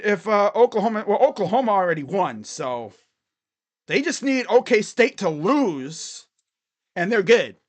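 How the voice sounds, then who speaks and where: A man streaming casual college football chat, thinking aloud and rambling with fillers and restarts. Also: high-pitched. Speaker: sports streamer.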